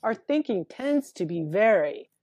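A woman's voice: medium pitch, very animated, measured pace, darkish tone, no echo, studio quality. A woman therapist talking as a guest over a video call, hesitant and thoughtful, often restarting her sentences. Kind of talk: conversational interview.

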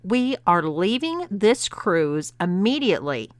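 Indignant man protesting , read by a woman narrator; slow, smooth delivery. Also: medium pitch, very animated, no echo, studio quality. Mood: defiant. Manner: protesting, exclaiming. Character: indignant adult man, a captive husband.

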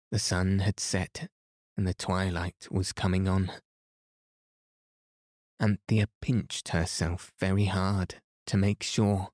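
A man reading a bedtime story aloud in a soothing, unhurried way. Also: sits low, a little mellow, no echo, studio quality. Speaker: sleep podcast reader.

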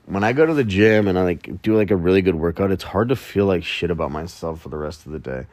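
A man's voice: sits low, expressive, fast talker, darkish tone, no room sound. A man hosting a solo podcast, rambling casually and mocking himself with jokey asides in the early morning. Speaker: podcast host.

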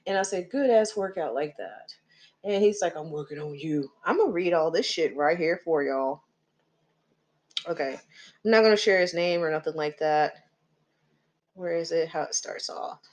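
Woman, middle-aged, casual podcast storyteller, chatty and profane, lowish voice. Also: normal speed, long pauses. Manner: chatty, profane, laughing asides. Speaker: podcast host.

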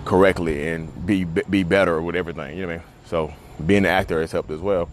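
A man's voice: deep voice, steady tone, fast talker, a little hiss or hum. A man talking casually to camera outdoors at a beach, rambling and conversational with lots of fillers. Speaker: vlogger.

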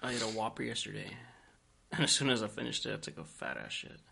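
Creaky, bright-voiced young man chatting. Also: fairly low pitch, fast talker. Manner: animated, mock-accusing, crude. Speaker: podcast co-host. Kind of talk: casual chat.

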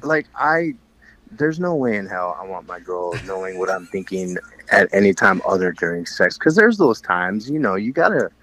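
A man's voice: sits low, big pitch swings, normal speed, pushed and bright. A man co-hosting a casual podcast chat, talking frankly and rambling with frequent laughs. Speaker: podcast co-host.

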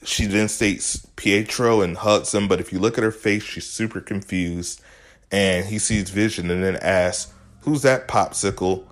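A man with a low voice talks through a TV episode in a relaxed, chatty way. He is enthusiastic and retells the scenes in his own words as the host of the show. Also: measured pace. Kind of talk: casual recap commentary.

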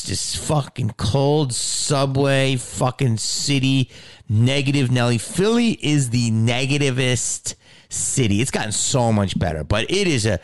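A man's voice: lowish voice, normal speed, no echo, studio quality. A middle-aged man with a Philadelphia accent hosting a podcast, telling stories in a profane, rambling monologue. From Delaware County, Pennsylvania. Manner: profane, animated storytelling. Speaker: podcast host.

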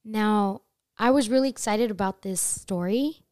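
On a casual chat show, an animated young woman hosting a podcast tells a story at a measured pace, swearing freely. Her voice is mellow and warm but leaps up in pitch when she acts out her own panic, and the sound is dry and close with no room echo.

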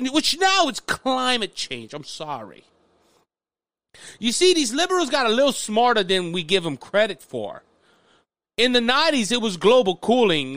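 A man from hosting a political commentary show, talking in an animated, sarcastic way and calling his listeners folks. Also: extremely high pitch, no echo. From Louisiana, USA. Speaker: political commentator, podcast host.

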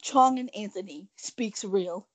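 A woman's voice: mid-range voice, unhurried. A woman chatting as a podcast guest, playful and giggly, agreeing often with "exactly" and "absolutely.". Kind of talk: casual chat.

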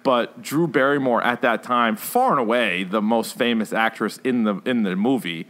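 An excitable man in his late thirties chatting casually as a podcast co-host. He talks with animated enthusiasm and swears freely. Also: mid-range voice, moderate pace. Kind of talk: casual chat.

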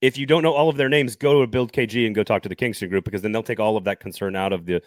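A man's voice: fairly low pitch, fairly even intonation, no echo. A man co-hosting a live sports podcast, joking, laughing often and rattling off sponsor reads. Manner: jokey, laughs often, fast sponsor patter. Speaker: podcast co-host.

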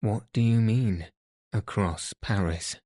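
Man voicing an impulsive young nobleman, urgent, slow delivery, dry sound. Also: lowish voice, warm tone, no echo. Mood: anxious.

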